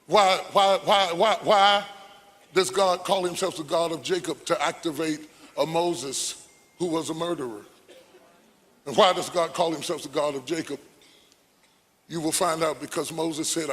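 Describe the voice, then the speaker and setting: A man's voice: fairly high pitch, steady tone, measured pace, pauses often, a bit bright, big-room sound. A male preacher giving a sermon, emphatic and rhetorical, with repeated questions and phrases.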